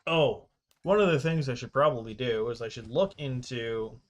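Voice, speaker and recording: A man's voice: mid-range voice, lively intonation, normal speed, a little hiss or hum. A young man streaming a game, chatting loosely to himself and his viewers, swearing casually and laughing at himself. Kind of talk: casual gameplay commentary.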